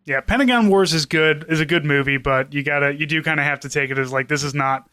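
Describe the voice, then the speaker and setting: Higher-pitched man, sardonic chat, dry sound. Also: fast talker, bright, forceful tone, smooth, no echo. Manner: sardonic, profane. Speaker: podcast co-host. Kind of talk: casual chat.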